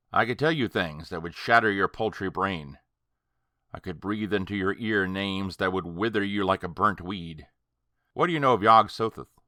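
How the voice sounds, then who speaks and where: A man's voice: deep voice, bright, forceful tone, dry recording, clean studio sound. A man voicing a scornful, raving ancient male sorcerer in an audiobook, with archaic speech. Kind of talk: audiobook character reading.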